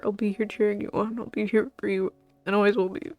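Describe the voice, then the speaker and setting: A tearful woman talks straight to her livestream chat in a mid-pitched voice, halting and rambling with little nervous laughs. Her voice is close and dry on the microphone. Faint music plays quietly underneath. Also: little pitch movement, no echo. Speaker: VTuber streamer. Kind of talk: emotional livestream talk to chat.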